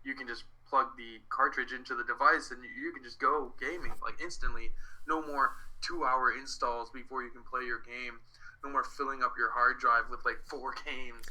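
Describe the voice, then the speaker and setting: A man co-hosting a casual gaming chat, explaining his points in a steady way. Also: mid-range voice, moderate pace, poor audio. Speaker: co-host.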